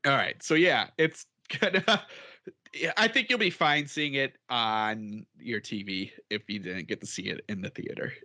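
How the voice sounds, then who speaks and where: A man with a bright, forceful voice chatting casually on a podcast. He rambles and chuckles often as he talks things through. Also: medium pitch, a little slow. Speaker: podcast co-host. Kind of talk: casual chat.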